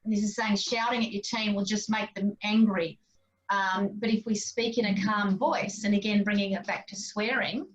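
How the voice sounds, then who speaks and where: A woman hosting an online parents' discussion, chatty and animated when she tells stories. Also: medium pitch. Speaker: parenting group host. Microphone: video call. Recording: dull lo-fi sound, distant from mic.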